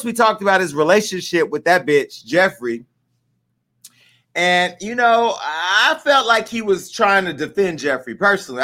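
A man's voice: sits high, pushed and bright. A man hosting his show in a rambling, crude and joking monologue. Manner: bawdy, rambling, joking asides. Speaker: show host. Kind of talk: casual crude comedic monologue.

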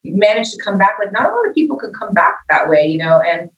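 In a casual interview, a middle-aged female musician, the guest, speaks fast in a mid-range voice. She's an animated storyteller who acts out the dialogue of the people in her stories. The sound is echoey, with a distant mic and the highs cut off.

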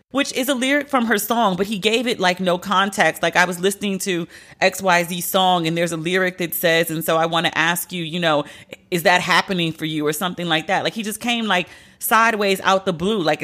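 Blunt, animated woman podcast host. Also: a little fast. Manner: animated, blunt and profane, sharp pitch jumps for emphasis. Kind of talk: casual commentary podcast.

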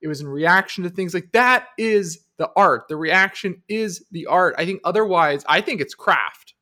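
Guy cohosting a podcast, kinda high voice, very opinionated, leans hard on his points. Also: expressive, moderate pace, pushed and bright. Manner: opinionated, emphatic, shifts pace often. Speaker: podcast co-host. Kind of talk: conversational podcast debate.

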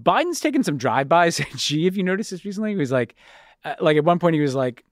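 A man co-hosting a political podcast, talking in an animated way and often repeating words as he starts his sentences. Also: on the high side, quick pace, dry recording, clean studio sound. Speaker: podcast co-host. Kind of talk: casual political chat.

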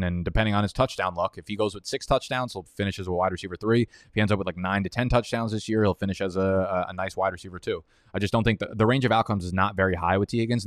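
A man's voice: low-pitched, dry recording, studio quality. A young man streaming live, rambling through fantasy football draft picks in profane, heated rants. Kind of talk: casual live-stream commentary while drafting.

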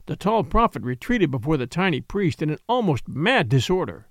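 A man narrating a mystery story in a measured, expressive audiobook reading. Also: a little high, no room sound, clean studio sound.

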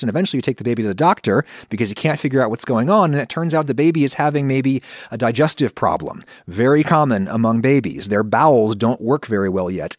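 Male podcast host, reflective monologue, lively intonation, dry booth sound. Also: medium pitch, no room sound. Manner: conversational, reflective, animated when quoting thoughts.

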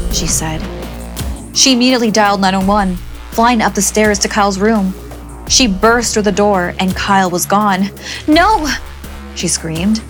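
A woman narrating a scripted horror story, speaking dramatically and shifting between brisk and drawn-out delivery. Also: mid-range voice.

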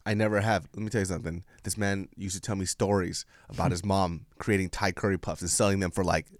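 A man's voice: deep voice, fairly even intonation, fast talker, dry recording, clean studio sound. A man hosting a casual chat, blunt and joking, swearing offhandedly.

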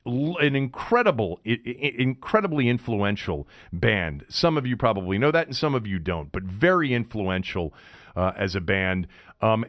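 A man's voice: mid-range voice, fairly bright tone, dry recording, studio quality. A middle-aged man hosting a sports radio show, telling a rambling story in a casual, chatty way. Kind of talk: casual monologue. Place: radio studio.

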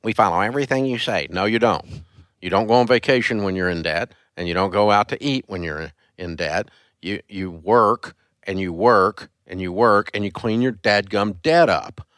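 Guy hosting a call-in show, lowish voice, ranting hard, no room echo. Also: moderate pace, fairly bright tone, smooth, clean studio sound. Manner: blunt, emphatic ranting. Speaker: radio show host. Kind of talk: call-in radio chat.

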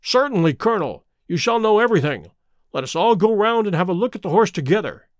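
A man reading aloud as a calm, precise detective with a measured, unruffled manner. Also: sits high, no room sound, studio quality. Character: calm, precise male detective, middle-aged.

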